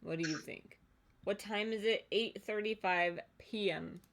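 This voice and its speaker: A woman's voice: medium pitch, measured pace, a bit bright. A woman co-hosting a home livestream, chatting casually and laughing often. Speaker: streamer co-host. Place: home while drawing on stream.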